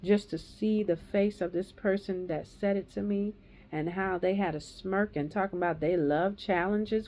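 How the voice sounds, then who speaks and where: A woman's voice: mid-range voice, fairly even intonation, normal speed, dark tone. A woman in her thirties or forties giving a raw, angry personal testimony, ranting and swearing heavily. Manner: heated, profane ranting. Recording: dull lo-fi recording.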